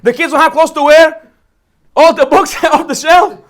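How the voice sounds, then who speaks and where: A man's voice: extremely high pitch, lively intonation, racing, bright, forceful tone, pitched above the performer's own voice, full character voice. A man playing a scoffing ancient Egyptian king in a comic retelling during a lecture. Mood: mocking. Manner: mocking, exasperated.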